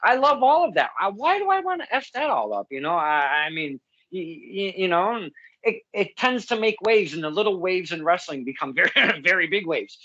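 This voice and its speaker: Casting: man host, slightly high voice, rambling storyteller who stammers, dull lo-fi audio. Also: sing-song, normal speed, pushed and bright. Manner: rambling, stammers and restarts, laughs while telling stories. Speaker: podcast host and local wrestling ring announcer. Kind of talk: casual interview chat.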